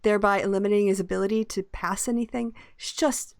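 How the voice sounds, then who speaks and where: A woman's voice: medium pitch, steady tone, quick pace, dry recording, studio quality. A woman hosting a casual chat show, giving wry commentary and laughing often. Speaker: host.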